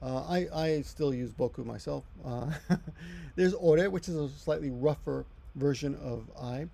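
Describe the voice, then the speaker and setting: Gravelly, mellow-voiced man teaching casually. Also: a little high, unhurried. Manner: rambling, self-correcting, chatty asides. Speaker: Japanese language teacher. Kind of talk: casual explanatory lesson.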